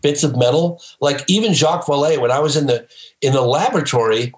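A man who is a filmmaker guest on a podcast, telling stories emphatically and breaking into excited shouts. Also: a little high, a little fast, echoey room, poor audio. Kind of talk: animated storytelling in a podcast interview.

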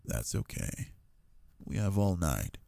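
A man playing a possessive, doting alpha lover in an intimate audio role-play, talking in a low, teasing way. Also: expressive, slow, gravelly, dark tone, dry recording, heavily acted.

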